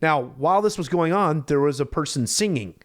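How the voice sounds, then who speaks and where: A man's voice: a little high, brisk. A man in his thirties, a podcast co-host, casually telling a story and acting out the voices of the people in it. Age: 30s. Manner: animated storyteller, acts out quoted voices.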